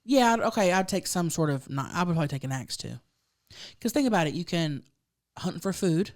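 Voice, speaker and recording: A woman's voice: fairly low pitch, lively intonation, fairly quick. A woman co-hosting a podcast, bubbly and crude in casual chat. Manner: bubbly, laughing, crude humor. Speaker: podcast co-host.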